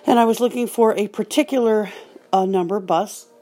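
A woman's voice: medium pitch, moderate pace, dark tone, soft background music. An older woman hosting a podcast, telling stories in a casual, wry and dryly humorous way. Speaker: podcast host.

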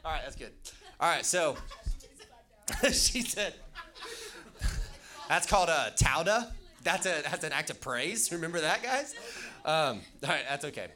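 Bright-voiced male youth pastor. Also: fairly high pitch, animated, a little slow. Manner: chatty, loose, jokey asides with many fillers. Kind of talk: casual youth sermon.

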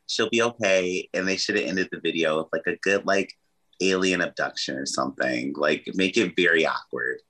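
A man's voice: sits low, pushed and bright, poor audio. A man as co-host in a casual gossip chat, joking in a goofy, playful way. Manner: jokey, goofy humor. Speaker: podcast co-host.

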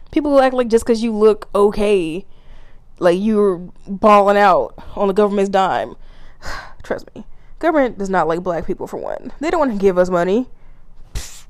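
A woman's voice: on the high side, no room sound. A woman hosting her own solo podcast, ranting casually with lots of swearing and frequent laughs. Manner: profane, animated, laughs often. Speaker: podcast host.

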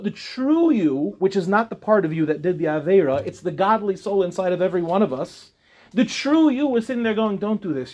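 A man in his forties, a rabbi giving an animated Torah class to young women in a classroom, acting out quoted voices with humor. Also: high-pitched. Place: classroom before an audience.

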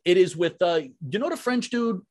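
A man's voice: high-pitched, normal speed. A young adult man hosting a podcast, chatting casually and swearing freely, saying "dude" and "like" a lot. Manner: animated, swears freely, says "dude" and "like" often. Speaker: podcast host. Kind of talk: casual chat.

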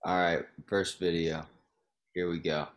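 A man's voice: low voice, flat delivery, unhurried. A young man co-hosting a casual podcast chat, rambling with lots of fillers and laughing as he talks. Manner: rambling, laughs while talking, frequent fillers. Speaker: podcast co-host.

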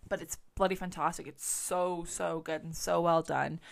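A woman's voice: fairly low pitch, steady tone, normal speed, creaky. A woman hosting a true crime podcast, chatting casually with a rambling, sweary manner. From England. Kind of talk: casual chat.

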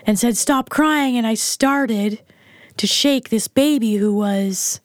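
A woman's voice: a little high, takes it slowly, no echo, studio quality. A middle-aged woman telling a candid personal story as an interview guest, frank and blunt in how she speaks. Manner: frank and blunt, plain-spoken. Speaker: interview guest, mother of the host.

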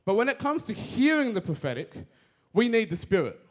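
A young man giving a casual, energetic sermon, talking fast with slang. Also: high voice.

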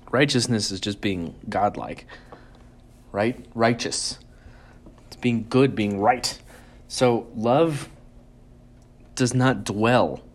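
A man giving a casual, earnest Bible devotional, chatting and reading verses slowly with emphasis. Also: lowish voice. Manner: conversational, chuckles and restarts. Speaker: devotional speaker.

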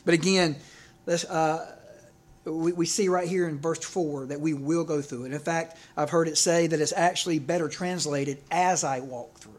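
A man's voice: on the high side, fairly even intonation, moderate pace. A man, preaching a casual, conversational sermon in a church, often stopping to ask "okay?" and "all right?". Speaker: preacher and teacher.

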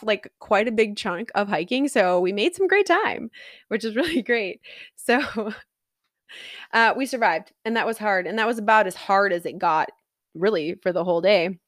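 A woman's voice: medium pitch, a bit bright, dry recording, studio quality. A woman casually recounting a personal story in an earnest, reflective way, laughing now and then. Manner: earnest, reflective, self-encouraging, laughs often.

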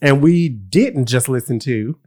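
A man's voice: medium pitch, lively intonation, measured pace, darkish tone. A man co-hosting a podcast, giggly and teasing in casual chat. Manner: giggly, teasing, laughs between words. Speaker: podcast co-host.

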